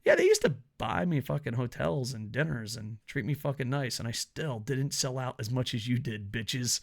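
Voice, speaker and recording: A man's voice: mid-range voice, sing-song, normal speed, gravelly. A man giving casual, profane, sarcastic commentary on wrestling news.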